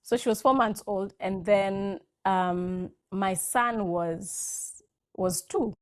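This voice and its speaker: A woman in her thirties, speaking as a guest in a relaxed conversation. She talks in a chatty, storytelling way and acts out the lines other people said. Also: medium pitch, slow pace. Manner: chatty anecdotal storytelling, acting out quoted lines. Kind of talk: casual chat.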